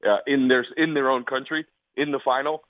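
A man calling in as a sports reporter, giving measured analysis with hesitant fillers over a phone line. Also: mid-range voice, fairly even intonation, dry recording.

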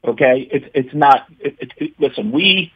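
A man phoning in as a regular analyst, making his case with emphasis and tripping over repeated words as he builds his point. His voice is husky and comes through dry and a bit muffled over the remote line. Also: mid-range voice, expressive, moderate pace, no room sound. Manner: emphatic, repeats words when starting sentences. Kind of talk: phone-in sports analysis.

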